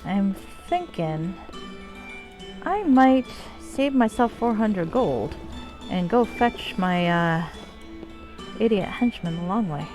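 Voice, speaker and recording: A woman's voice: mid-range voice, lively intonation, takes it slowly, pauses often, over music, rough recording. A woman streaming a video game, chatting casually with wry, self-mocking remarks and the odd swear. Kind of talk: casual gameplay chat.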